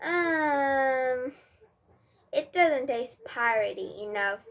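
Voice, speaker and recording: A woman reading aloud as a female pirate ship's cook, raising her voice and giving orders brightly, with a Korean first language. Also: high-pitched, animated, extremely slow, full character voice. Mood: bossy. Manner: loud, bright and commanding.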